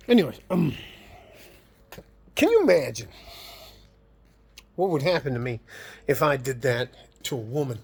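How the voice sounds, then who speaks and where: A man's voice: medium pitch, very animated, a little slow, gravelly, long pauses, slightly rough. A man vlogging in his home garage, talking in a rambling, profane, worked-up way. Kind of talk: casual vlog monologue.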